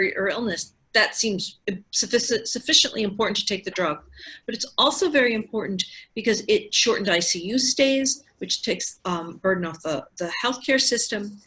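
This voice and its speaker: A woman's voice: mid-range voice, a bit bright. A woman in her sixties, a physician, explaining things step by step in conversation with frequent restarts over a video call. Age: 60s. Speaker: physician and researcher.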